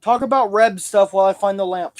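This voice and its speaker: Speaking briskly in a high-pitched voice, this livestream host, also a Civil War reenactor, meanders through anecdotes and jokes in a relaxed stream.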